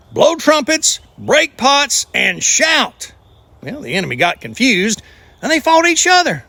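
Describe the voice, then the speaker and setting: A man's voice: high-pitched, gravelly, pushed and bright, dry recording. A man with a Southern US accent hosting a scripted comedic trivia show, folksy and exclamatory with punchy jokes. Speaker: host.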